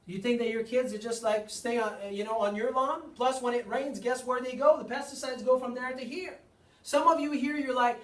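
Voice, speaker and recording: A man's voice: extremely high pitch, moderate pace, fairly bright tone. A man, a chiropractor, giving a seminar to a live audience, speaking emphatically with repeated lines and rhetorical questions. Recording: echoey room, mic far off.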